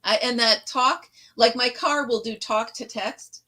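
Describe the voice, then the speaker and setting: Casual host: a chatty middle-aged woman from upstate New York, slightly high voice, laughs a lot. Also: measured pace, sharp tone. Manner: chatty, laughs often, tells stories with quoted voices. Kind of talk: casual chat.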